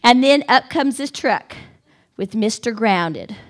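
A middle-aged woman telling a funny personal story to a live audience, animated and dramatic, building tension with repeated phrases. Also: takes it slowly. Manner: animated, dramatic, repetitive build-up with wailing high quotes. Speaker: speaker at a women's gathering.

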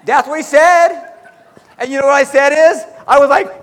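A very high-pitched man fires up a sales crowd in a big hall, his voice ringing with long reverb. He talks loud and excitable, jumping into little acted-out quotes. The sound is a live stage talk before an audience. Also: fairly quick, slight background noise. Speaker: motivational speaker at a sales meeting.

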